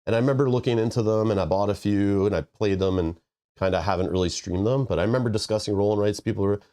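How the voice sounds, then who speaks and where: Hosting a live stream, this man talks quickly in a low-leaning, warm voice that sounds stuffy and nasal. He rambles casually, thanks viewers, and drops joking asides.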